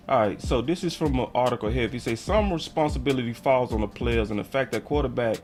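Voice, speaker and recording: A man's voice: mid-range voice, fast talker, hardly any pauses, over music. A man hosting a casual sports fan livestream, talking in slang and often getting heated and ranting. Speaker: sports channel host.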